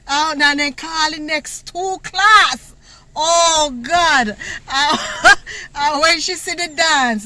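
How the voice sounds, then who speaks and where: A woman from Jamaica with a Jamaican accent, telling a personal story in a casual, animated way, laughing often and using patois words. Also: high voice, a little hiss or hum. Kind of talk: casual story time monologue.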